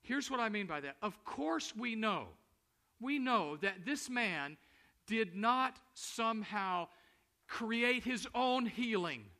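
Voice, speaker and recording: A man preaching a sermon, reading scripture aloud and pressing his points with emphatic repetition and slow, weighty phrases. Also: high voice, animated, sharp tone. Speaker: pastor.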